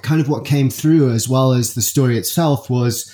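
A British man talking as a podcast guest, friendly and quick to laugh. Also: medium pitch, dark tone. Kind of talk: casual interview chat.

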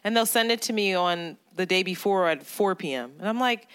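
Woman podcast cohost, bright clear voice, animated, laughs a lot, acts out quotes. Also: mid-range voice, fairly quick. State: overworked, on edge. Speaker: podcast co-host. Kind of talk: casual banter.

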